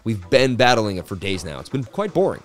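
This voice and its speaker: A man's voice: on the low side, big pitch swings, brisk, soft background music. A middle-aged man hosting a casual crypto live stream, chatty, with a sports-presenter delivery. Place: traveling.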